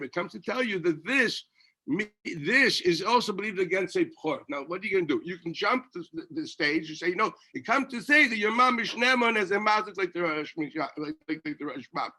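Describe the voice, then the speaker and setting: A man delivers a yeshiva Talmud lecture with a high, bright, forceful voice. He is animated, throws out rhetorical questions and restarts his sentences as he pushes through the argument. Give me that rabbi in full teaching mode. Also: fairly quick.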